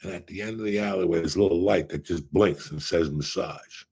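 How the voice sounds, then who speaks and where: A man's voice: low-pitched, a little fast, darkish tone, husky. A man in his sixties, a podcast co-host, telling rambling, profane stories in casual chat. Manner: profane, rambling storyteller with bursts of laughter.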